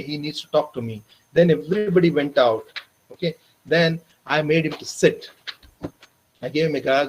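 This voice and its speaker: A man with an Indian English accent training teachers, telling a story earnestly and calling listeners "my dear friends", dropping softer for tender moments. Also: a little high, poor audio. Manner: slows and softens for emotional moments. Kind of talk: storytelling lecture. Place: online training session.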